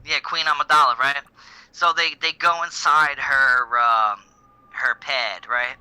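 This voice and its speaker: A man's voice: medium pitch, steady tone, a little slow, pushed and bright, clean tone, no room sound, low-quality recording. A man co-hosting a podcast in casual chat, retelling scenes with lots of swearing and put-on voices. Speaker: podcast co-host.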